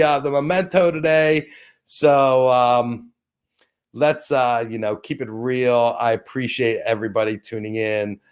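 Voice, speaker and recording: A middle-aged man hosting a casual live stream, rambling as he thanks viewers by name and plugs sponsors. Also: mid-range voice. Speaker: host of a live-stream show.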